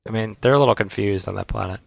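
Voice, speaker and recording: A man's voice: on the low side, very fast, gravelly, no echo. A man co-hosting a podcast, chatting casually and enthusiastically about cartoons. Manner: chatty, enthusiastic fan banter. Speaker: podcast co-host. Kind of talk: casual chat.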